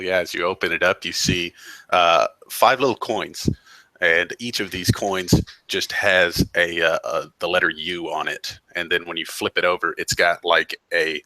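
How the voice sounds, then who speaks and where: Deep, bright-voiced man running a tabletop game. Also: dry recording, poor audio. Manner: relaxed, hesitant storytelling with many fillers. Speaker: game master.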